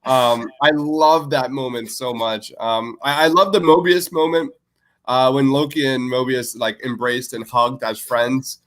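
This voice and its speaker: A man's voice: medium pitch, steady tone, a little slow, fairly bright tone. A man co-hosting a podcast in casual chat, enthusiastic and full of filler words. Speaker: podcast co-host.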